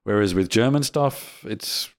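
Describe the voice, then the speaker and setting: Male co-host, lower register, dry humor, easygoing chat. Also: measured pace. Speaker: podcast co-host. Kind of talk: casual chat.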